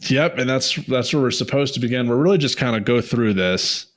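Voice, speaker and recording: A man's voice: mid-range voice, fairly quick. A man co-hosting a podcast in casual chat, laughing often and steering the talk back on track. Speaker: podcast co-host.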